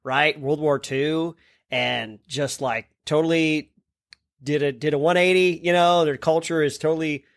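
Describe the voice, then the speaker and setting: A man's voice: a little high, steady tone, a little slow, no echo, studio quality. A man co-hosting a casual podcast, talking enthusiastically and filling his speech with "like" and "totally". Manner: enthusiastic, heavy use of "like" and "totally". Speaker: podcast co-host.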